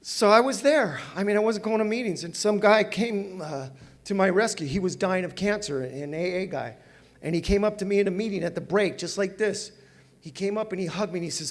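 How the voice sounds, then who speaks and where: Before an audience in a meeting hall, an older Southern Californian man tells his personal story at a recovery meeting. He is animated, pokes fun at himself, laughs a lot, and talks a little fast in a high-sitting voice.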